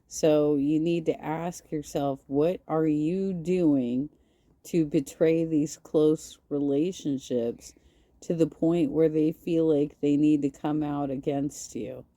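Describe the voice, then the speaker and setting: A woman comments calmly on clips in a low, very dark voice, taking her time over each point. The sound is dry and close, with no room around it. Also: no room sound. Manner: calm, measured, lecturing. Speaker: commentary host.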